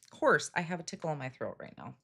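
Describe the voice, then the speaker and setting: A woman's voice: low-pitched, gravelly, very noisy. Chatty lady crafting live, voice bounces all over, pokes fun at herself. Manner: chatty, self-deprecating, greets viewers by name. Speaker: craft livestream host. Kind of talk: casual live crafting demo.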